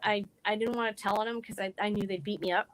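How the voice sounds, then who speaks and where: A woman as a podcast guest, earnestly telling a personal story in a halting way with frequent restarts. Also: medium pitch, steady tone, low-quality recording.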